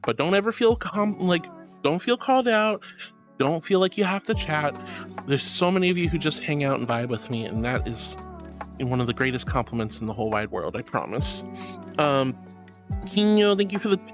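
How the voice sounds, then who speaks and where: A woman's voice: deep voice, animated, normal speed, music in the background. A woman live-streaming and chatting casually with viewers, affectionate and giggly, calling them sweetheart and hon. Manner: giggly, bubbly. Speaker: livestreamer.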